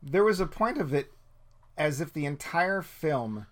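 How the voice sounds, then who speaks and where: A man's voice: fairly high pitch, big pitch swings, a little slow. Man, from New England, wry, chatty, casual film talk. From greater Boston area, New England. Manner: wry, chatty, laughs easily.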